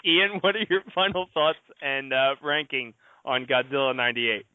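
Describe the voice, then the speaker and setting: A man's voice: medium pitch, normal speed, slight background noise. A man hosting a casual podcast chat, often laughing as he asks the others for their ratings. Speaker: podcast host. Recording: tinny phone-like audio, dry.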